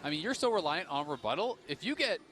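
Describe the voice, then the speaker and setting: A man giving steady, analytical esports color commentary. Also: a little high, fast talker, a little hiss or hum. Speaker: color caster.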